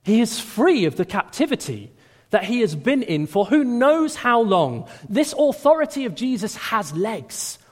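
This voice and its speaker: Male preacher, sermon, lively pitch, emphatic delivery, long hall reverb. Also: unhurried. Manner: animated, rising to emphatic quoted lines.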